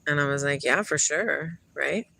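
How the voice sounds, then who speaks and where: A woman's voice: low-pitched, moderate pace, vocal fry, pushed and bright. A middle-aged woman vlogging a rambling spiritual monologue, laughing often and talking to her parrot.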